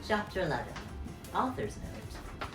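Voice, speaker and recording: A woman, a drag performer, co-reading a fanfic with playful, teasing, drawn-out delivery. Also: mid-range voice, big pitch swings. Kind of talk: comic dramatic reading of a fanfic. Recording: echoey room with clear music behind.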